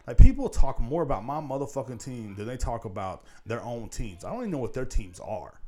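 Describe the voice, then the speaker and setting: A man's voice: medium pitch, very animated, a little fast, mellow. A man hosting a casual solo podcast, rambling and swearing constantly and repeating "you know what I'm saying" into a podcast microphone. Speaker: podcast host.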